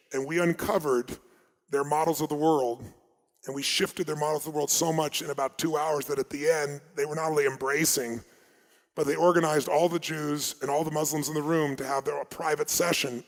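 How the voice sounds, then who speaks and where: An American man with a fairly high voice tells stories to a seminar crowd. He is emphatic and dramatic, rising loud and dropping to a hush. His voice rings with the long reverb of a large hall. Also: creaky. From United States. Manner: emphatic, dramatic storytelling that swings from loud to hushed. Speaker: motivational speaker. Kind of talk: motivational seminar storytelling.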